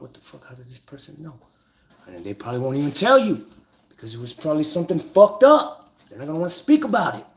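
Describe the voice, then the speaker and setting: A man's voice: medium pitch, slight background noise. A man telling stories and teaching a numbers trick in a casual, profane, emphatic way. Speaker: numerology teacher. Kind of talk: casual storytelling monologue.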